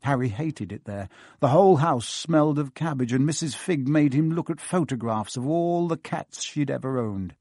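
A man reading an audiobook with lively, expressive narration. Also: mid-range voice, moderate pace, no echo, studio quality.

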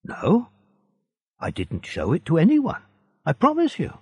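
A man's voice: sits high, wildly swooping pitch, measured pace, darkish tone, slightly rough, no echo, pitched above the performer's own voice, heavily acted. Man reading as an earnest young sailor. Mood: anxious. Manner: earnest, pleading. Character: young male sailor, honest and anxious.

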